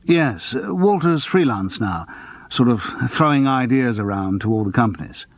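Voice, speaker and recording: A man voicing a low-key, rueful actor who dabbles in detection, in an audiobook. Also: expressive, normal speed. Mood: hesitant. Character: Charles, subdued male actor-sleuth. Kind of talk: audiobook character voice.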